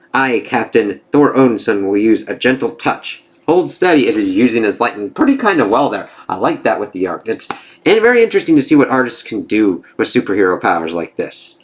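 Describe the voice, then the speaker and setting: Man casually reviewing a comic. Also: mid-range voice. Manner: conversational, enthusiastic, with frequent restarts and asides. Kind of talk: casual spoken review, reading comic panels aloud.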